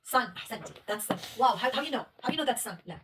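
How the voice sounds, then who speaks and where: A woman teacher talks quickly in a fairly high voice, patiently quizzing a young pupil and praising each right answer. She sits back from the mic, with a faint hiss under the recording. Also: animated, distant mic. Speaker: Arabic reading teacher. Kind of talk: one-on-one reading lesson.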